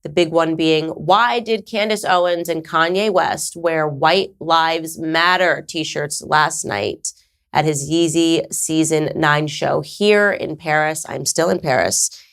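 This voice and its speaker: Speaking slowly in a low register with vocal fry and a slightly bright tone, this US podcast host in her thirties talks casually to camera on her own show. She is emphatic and conversational, tossing in sarcastic asides.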